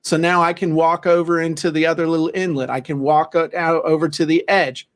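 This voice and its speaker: Animated, folksy male co-host. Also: fairly high pitch, fairly quick. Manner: animated storyteller, folksy asides. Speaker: podcast co-host. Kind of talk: casual chat.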